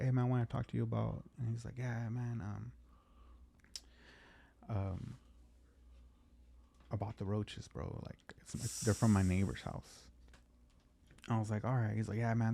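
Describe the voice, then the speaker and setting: A man's voice: fairly low pitch, fairly even intonation, moderate pace, creaky, pauses often, warm tone. A man, a comedian, telling a rambling, profane story in casual podcast chat and acting out what people said.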